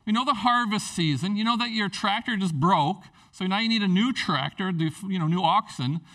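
Male pastor with a lightly raised pitch, joking sermon delivery, recorded from some distance. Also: moderate pace. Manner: animated, jokey, acts out characters in quotes.

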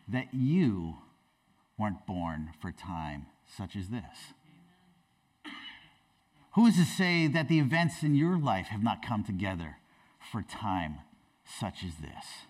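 A pastor in a church, preaching a sermon with animated, dramatic storytelling. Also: male voice, mid-range voice, distant mic.

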